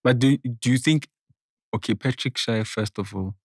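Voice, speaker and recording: A man's voice: medium pitch, normal speed, darkish tone, dry recording, clean studio sound. A man hosting a podcast in casual chat, arguing his point and repeating himself to keep the floor. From South Africa. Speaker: podcast host.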